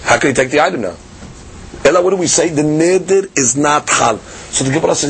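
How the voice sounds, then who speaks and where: A man teaching a daily Talmud class, his voice set a little higher than most. He explains in an animated, chatty way, full of fillers and restarts. A faint noise sits behind the recording. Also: fairly quick, creaky.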